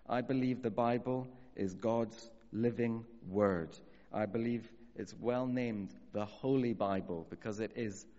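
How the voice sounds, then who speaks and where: A man preaching a sermon earnestly, slowing down to stress key phrases. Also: mid-range voice, a little mellow. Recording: dull audio with long hall reverb.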